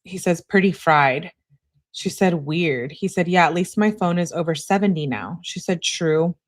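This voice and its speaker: A woman's voice: on the low side, normal speed. A woman hosting a true crime channel, reading text messages aloud in a casual, conversational way and adding her own comments.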